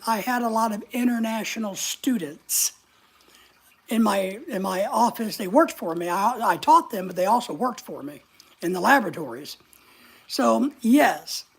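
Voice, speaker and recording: A woman's voice: on the high side, creaky, slightly rough. A woman, no longer young, hosting a rambling, chatty live stream and reading out viewer comments as she goes. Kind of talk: casual live-stream chat.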